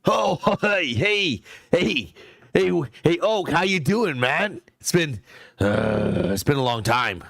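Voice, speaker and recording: A man's voice: on the low side, lively intonation, takes it slowly, long pauses, no echo, studio quality. A man voicing the ghost of a broad-shouldered, bearded male smith who talks in a hearty, rambling way. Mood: cheerful. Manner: hearty, casual, rambling with fillers.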